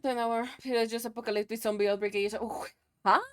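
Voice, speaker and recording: A woman's voice: a little high, level tone, fast talker. A young woman streaming live, chatting loosely with her viewers, laughing often and swearing casually.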